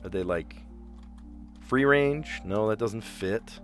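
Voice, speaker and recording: A man's voice: on the low side, takes it slowly, soft background music. A man casually thinking aloud as he reads puzzle clues and works through answers, with frequent restarts. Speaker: streamer playing word puzzles.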